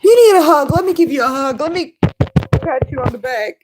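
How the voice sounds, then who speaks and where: A naive, gushing sympathizer, put on by a woman, coos in a voice pitched far above her usual one. She soothes and coddles with a soft, airy sweetness, and the lines swoop up high. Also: lively intonation, a little fast, noisy background. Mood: mock coddling.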